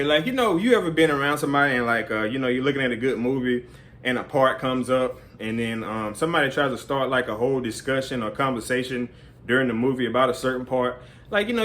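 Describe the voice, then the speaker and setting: A man's voice: medium pitch, a bit bright. A man giving casual advice in a rambling way, full of fillers. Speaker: vlogger.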